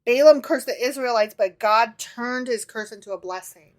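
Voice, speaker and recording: A woman's voice: on the high side, normal speed. A woman co-hosting a casual podcast from her living room, teasing her husband and swearing freely. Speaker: podcast co-host.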